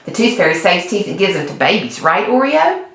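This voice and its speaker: A woman's voice: medium pitch, very animated, fairly quick. A woman voicing an ornery, teasing little country boy in a storybook read-aloud, with a sly, know-it-all manner. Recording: echoey room, distant mic.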